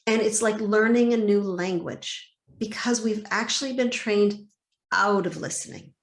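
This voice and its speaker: Animated woman coach in an echoey room. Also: medium pitch, a little slow. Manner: animated, acts out inner dialogues. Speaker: guest, body-peace coach. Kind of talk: interview conversation.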